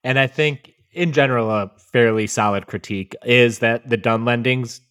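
A man hosting a podcast in casual chat, relaxed and measured with wry asides. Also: medium pitch, clean tone. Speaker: podcast host.

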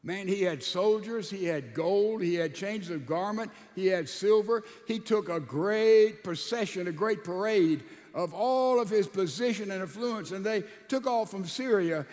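A man with a fairly high voice preaches, retelling a scripture story in a folksy, conversational way. He acts out the characters' lines as he goes. His voice carries a long reverb from a large hall. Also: unhurried, few pauses, a little mellow. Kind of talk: storytelling sermon.

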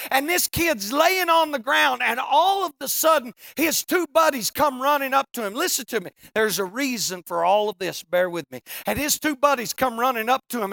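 A preacher telling a funny story in a sermon, folksy and animated, now and then breaking into shouts. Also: sits high, vocal fry, dry recording, studio quality.

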